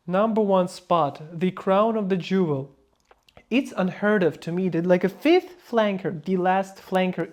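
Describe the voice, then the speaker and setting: A man speaking non-native English in a casual review vlog, emphatic and playfully mocking, slipping into quick mock voices. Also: high-pitched, a little mellow. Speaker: fragrance reviewer.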